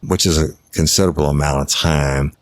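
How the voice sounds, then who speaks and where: A middle-aged man tells a true crime story from his years as a detective. His voice is extremely deep and he keeps a flat, level delivery. He talks bluntly and swears freely. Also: a little fast. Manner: blunt and profane. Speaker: podcast host, former detective.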